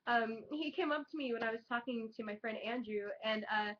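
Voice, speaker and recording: A bubbly young woman with a fairly high voice talks straight to her webcam, excitable and rambling, full of "like" and casual swearing. The audio is dull and lo-fi. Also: a little fast. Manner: chatty, excitable, heavy use of "like" and swearing. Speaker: vlogger. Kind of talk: casual chat to camera.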